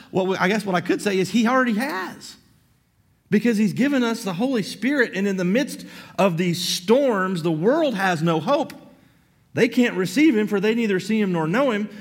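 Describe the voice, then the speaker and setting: A middle-aged male pastor preaching a sermon with animation, swinging between loud, emphatic lines and quiet, soft ones. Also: sits high.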